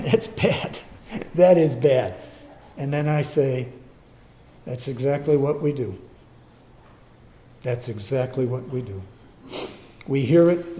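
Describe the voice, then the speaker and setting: Man, preacher, sermon, slow deliberate delivery, slightly high voice, echoey room. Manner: dynamic, swinging from quiet to loud emphatic bursts.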